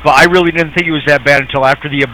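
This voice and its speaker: A man's voice: a little high, fairly even intonation, racing, sharp tone, a little hiss or hum, poor audio. A middle-aged man co-hosting a casual chat, rambling and sarcastic, chuckling as he tells stories. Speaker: podcast co-host.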